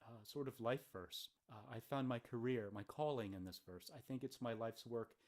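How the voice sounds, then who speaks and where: A man's voice: mid-range voice, normal speed, a little mellow. A man teaching an informal video lecture, recorded in a hotel room. He talks like a college professor who enjoys his subject, keeping the lesson chatty and dropping playful jokes along the way. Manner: playful, chatty, with joking asides.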